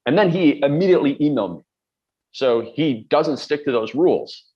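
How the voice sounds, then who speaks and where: A man's voice: on the high side, expressive, moderate pace, mellow, dull audio. A middle-aged man coaching on productivity, talking bluntly and emphatically with everyday examples. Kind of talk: direct-to-camera advice talk.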